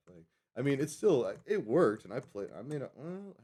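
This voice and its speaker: A man's voice: mid-range voice, sing-song, brisk, mellow. A man in his thirties chatting casually on a live stream, rambling from topic to topic and correcting himself as he goes. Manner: chatty, digressive, self-correcting.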